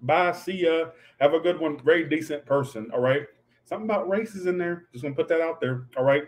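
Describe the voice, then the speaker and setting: A man's voice: on the high side, brisk. A man doing a casual livestream tarot reading, talking in a snappy, profane, ranting way. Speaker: tarot reader.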